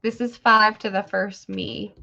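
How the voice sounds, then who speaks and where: Casting note: woman, unhurried, gravelly live-sale host, chatty and rambling, dull lo-fi stream audio. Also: mid-range voice, fairly even intonation, pushed and bright. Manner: chatty, rambling, thanks viewers by name. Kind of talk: casual live-stream selling.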